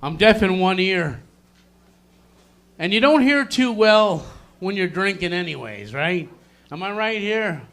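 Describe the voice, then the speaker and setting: Brief: male stand-up, gravelly and bright, very lively pitch, self-mocking jokes in a small live room. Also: measured pace. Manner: self-mocking, loud bursts into high yelling bits. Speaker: stand-up comedian. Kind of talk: stand-up set. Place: small comedy venue with a live audience.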